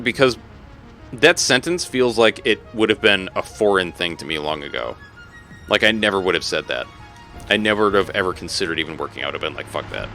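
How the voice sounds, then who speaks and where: A game streamer in his thirties chats loosely with his viewers while he plays. His pitch swings up and down a lot, and his bright, forceful tone keeps the animated banter bouncing along with jokes and free swearing.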